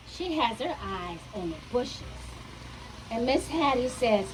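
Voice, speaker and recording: Woman storyteller, very slow deliberate pace, call-and-response with kids, noisy outdoor recording. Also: high-pitched, expressive. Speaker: children's storyteller. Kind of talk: animated read-aloud to children. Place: outdoor riverfront event before a crowd.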